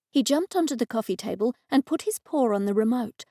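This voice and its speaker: An Australian woman narrating a cozy mystery audiobook in the first person, measured and expressive. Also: fairly high pitch, dry recording, clean studio sound.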